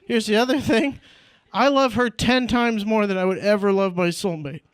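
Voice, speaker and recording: High-voiced young man doing stand-up. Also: steady tone, moderate pace, clean tone, no echo, studio quality. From Indiana, US. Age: young adult. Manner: fills with "like" and "right?", laughs at own jokes. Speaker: stand-up comedian. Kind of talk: stand-up comedy set. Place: comedy club stage.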